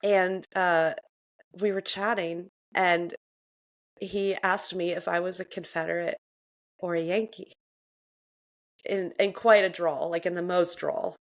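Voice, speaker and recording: A woman's voice: fairly low pitch, steady tone, a little slow, pauses often. A young adult woman from Central Florida, a podcast co-host, telling stories in casual chat, acting out quoted voices and laughing often.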